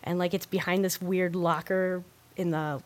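Brief: woman podcast host, slightly low voice, chatty, rambling storyteller. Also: normal speed. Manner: rambling, animated storytelling with many fillers. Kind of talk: casual chat.

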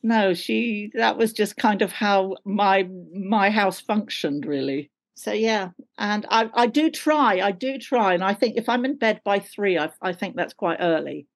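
A woman's voice: medium pitch, lively intonation, a little slow, few pauses. Chatty woman, laughing often. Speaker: guest actor. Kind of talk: casual interview chat.

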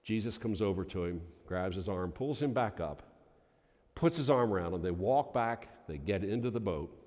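A male pastor telling a story in a sermon, in a folksy manner that builds to loud, emphatic peaks. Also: on the low side, animated, moderate pace. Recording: long reverb of a large hall.

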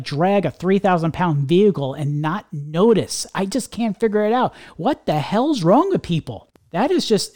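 A middle-aged man rants his way through a casual podcast chat, circling back and restarting his sentences. His voice sits a little high for a man. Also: a little mellow. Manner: ranting, rambling with many restarts. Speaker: podcast co-host.

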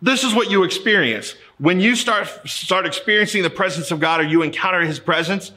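A man's voice: sits high, a little fast, sharp tone. A middle-aged man from Ohio preaching a sermon as pastor, telling a personal story in a conversational way and often repeating words as he starts a sentence.

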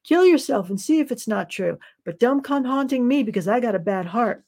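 A woman's voice: fairly high pitch, animated, fairly quick, darkish tone. A woman reading as a blunt, bossy waitress. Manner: blunt, no-nonsense. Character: brisk bossy diner waitress, middle-aged woman.

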